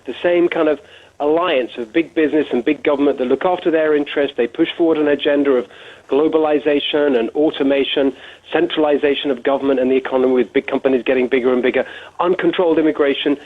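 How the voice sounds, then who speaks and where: A man's voice: a little high, fairly even intonation, fast. A man with a British accent, a guest author being interviewed on radio, laying out his points in articulate lists. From Britain. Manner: articulate, listing points in runs. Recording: phone line.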